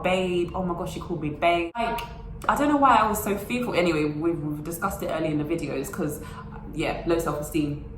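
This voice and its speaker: A woman's voice: on the low side, a bit bright, reverberant, slight background noise, poor audio. A young woman telling a personal story to her phone camera in a casual, chatty way, full of fillers and acted-out quotes. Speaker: vlogger.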